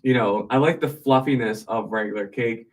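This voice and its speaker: A man's voice: medium pitch, normal speed, distant mic. A man in casual small talk who rambles, hesitates often and laughs. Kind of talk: casual chat.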